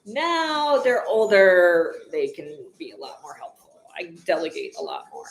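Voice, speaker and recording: A woman's voice: lowish voice, measured pace, roomy sound, rough recording. A woman in her forties hosting a casual livestream from home, reacting bluntly and sarcastically as she chats. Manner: lively, blunt and sarcastic, talks back to the game. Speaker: livestream host. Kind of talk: casual live reaction chat.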